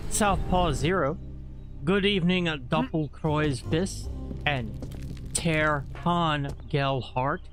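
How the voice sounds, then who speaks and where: A man's voice: a little high, slow, music in the background. A man co-hosting a live stream, reading viewer questions in a casual, swearing, chatty way. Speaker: co-host reading chat questions.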